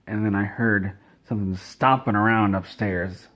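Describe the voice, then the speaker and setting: A man telling an absurd comedy story in a deadpan, rambling way, correcting himself as he goes. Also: fairly low pitch, a little slow, hardly any pauses, lo-fi sound. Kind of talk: absurd comedic story told straight-faced.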